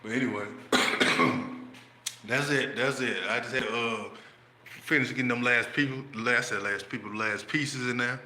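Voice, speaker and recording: A man's voice: mid-range voice, steady tone, a little slow, bright, forceful tone. A man casually telling stories on a stream, rambling and swearing loosely. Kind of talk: casual storytelling. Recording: echoey room, faint background noise.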